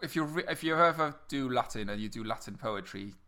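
A man's voice: medium pitch, animated, fairly quick, sharp tone. A young man co-hosting a casual podcast chat, stammering and repeating words as he explains. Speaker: podcast co-host.

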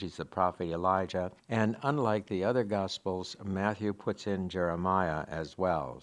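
Low-voiced man preaching a reflective sermon. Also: dry recording. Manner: reflective, explanatory teaching with asides.

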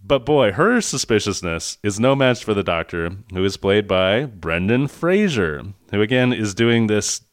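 A man in casual podcast chat, mocking a movie with animated, profane retelling and frequent laughter. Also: on the low side, measured pace, hardly any pauses, no echo, clean studio sound.

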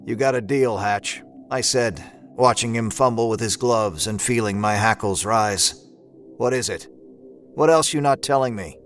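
Low voiced guy narrating a story drama, folksy old timey talk, wry, faint music behind. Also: measured pace, a bit bright. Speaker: first-person narrator and lead character. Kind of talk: scripted audio drama narration.

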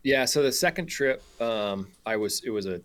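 A man's voice: mid-range voice, expressive, moderate pace, a bit bright, clear, resonant tone. An American man, a podcast guest, telling a story casually, laughing often and restarting sentences.

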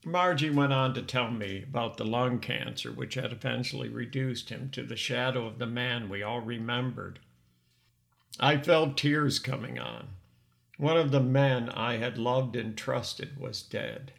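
A man's voice: medium pitch, measured pace, gravelly, fairly bright tone. An older man hosting a podcast, telling his own life story in an earnest, reflective scripted narration. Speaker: podcast host.

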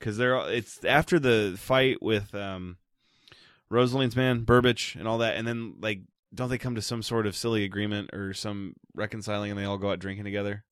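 A man's voice: lowish voice, fairly even intonation, a little fast, fairly bright tone, clean tone, no echo, studio quality. A man co-hosting a podcast, recapping a movie's plot in casual, profane, joking chat. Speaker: podcast co-host.

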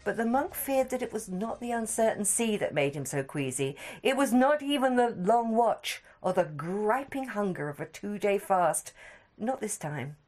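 A woman narrating a story in a measured, expressive storytelling manner that drops soft at tense moments. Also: mid-range voice, faint music behind.

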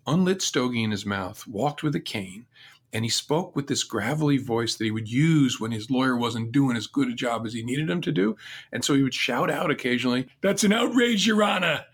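A man's voice: mid-range voice, fairly bright tone, breathy edge. Earnest middle-aged man telling stories. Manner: earnest, reflective storyteller. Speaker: interview guest. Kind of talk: storytelling interview answers.

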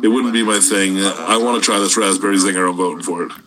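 A man's voice: low voice, quick pace, a crowd in the background. A man on a casual podcast who gives blunt, plainspoken opinions. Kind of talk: casual chat.

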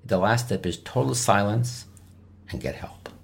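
Male doctor, gravelly voice, lowish pitch, emphatic coaching tone, interview guest. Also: a little slow. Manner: emphatic, repetitive coaching phrasing. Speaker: physician guest expert. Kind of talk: instructional interview answers.

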